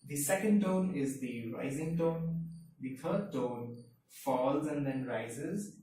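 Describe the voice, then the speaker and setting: A man whose first language is Hindi, teaching a Mandarin lesson in a measured, step-by-step way. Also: mid-range voice, lively intonation, warm tone. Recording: very echoey room, mic far off, faint hiss.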